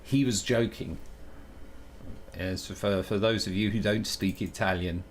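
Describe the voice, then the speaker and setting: A man streaming live while programming, thinking aloud in a halting way that keeps breaking off mid-sentence. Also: fairly low pitch, fairly even intonation, slight background noise. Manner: halting, self-interrupting, muttering while working.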